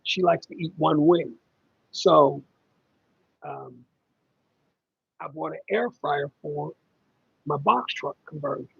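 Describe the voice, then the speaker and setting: A man's voice: a little high, slow, gravelly, long pauses, breathy edge, no echo, highs cut off. A middle-aged man hosting a casual livestream about caregiving, rambling and conversational with lots of ums as he reads viewer comments.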